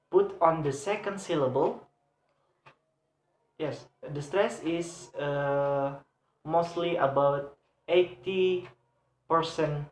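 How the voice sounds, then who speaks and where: A young man with an Indonesian accent, a student whose first language is Indonesian, giving a halting English pronunciation lesson with many fillers and repeated example words. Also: on the high side. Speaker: student presenter. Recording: echoey room.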